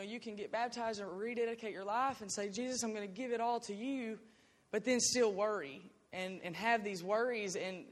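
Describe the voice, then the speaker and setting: A young woman giving an earnest, emotional faith testimony. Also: a little high. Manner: earnest and emotional, breaks into laughter. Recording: long hall reverb.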